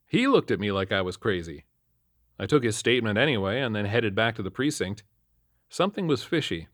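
Earnest low-voiced male storyteller. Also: big pitch swings, a little fast, a bit bright, dry recording, studio quality. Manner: earnest, matter-of-fact. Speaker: narrator. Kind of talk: first-person horror story narration.

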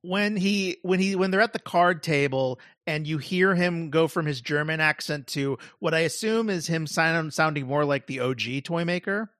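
A man's voice: on the high side, moderate pace, few pauses, fairly bright tone, dry recording, studio quality. A male podcast co-host talking casually and rambling, full of "like" and restarts. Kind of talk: casual chat.

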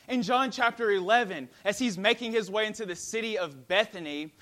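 A man preaching a sermon dramatically, swinging from ringing emphasis to a hushed near-whisper. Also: high voice, a little fast, few pauses.

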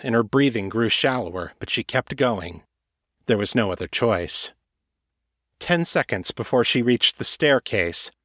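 A man reading an audiobook in a steady, measured narrating voice. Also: fairly low pitch, dry recording, studio quality.

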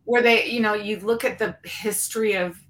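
A woman's voice: medium pitch, fairly even intonation, moderate pace, fairly bright tone. A woman co-hosting a podcast, speaking earnestly and with passion in casual conversation. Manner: earnest, impassioned. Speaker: podcast co-host.

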